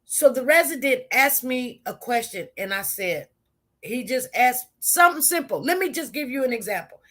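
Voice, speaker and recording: A woman's voice: high-pitched, lively intonation, normal speed, fairly bright tone. A woman who works as a nurse, telling a work story to her viewers in a casual live stream. She rambles and repeats herself as she talks straight to them.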